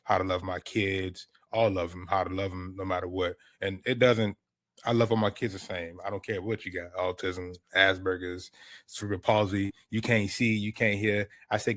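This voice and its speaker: Low-voiced man, laid-back podcast chat, dry close sound. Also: no room sound. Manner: animated, laid-back storytelling with repeated restarts. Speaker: podcast host. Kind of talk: casual chat.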